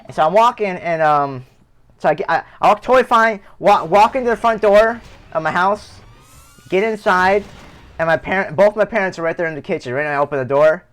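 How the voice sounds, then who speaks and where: A man's voice: high-pitched, fairly quick, fairly bright tone. Swearing male streamer telling a story. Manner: rambling, heavy swearing, lots of restarts. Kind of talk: casual storytelling.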